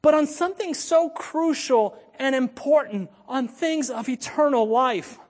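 High-voiced man preaching in a reverberant hall. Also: unhurried. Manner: animated, swings from loud emphatic points to low joking asides. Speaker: pastor. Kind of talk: sermon.

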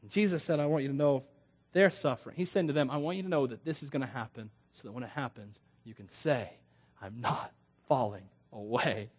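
A middle-aged man preaching a sermon in a conversational, animated way, with asides and laughter. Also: medium pitch, a little fast, breathy edge.

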